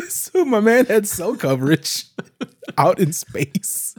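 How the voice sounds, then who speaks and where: A man co-hosting a podcast, recapping a show in casual chat, laughing often and acting out lines in animated voices. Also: sits high, slow pace, husky, dry recording, studio quality. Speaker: podcast co-host.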